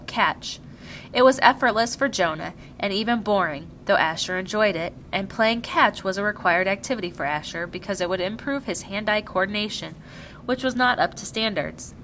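A woman narrating a novel aloud in a measured, clear storytelling manner. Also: mid-range voice, a bit bright, slight background noise, rough recording. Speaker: audiobook narrator. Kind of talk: scripted narration.

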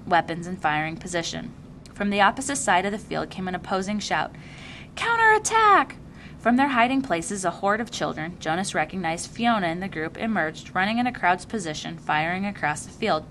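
A woman's voice: lowish voice, fairly bright tone, a little hiss or hum. Woman reading a story aloud. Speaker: narrator.

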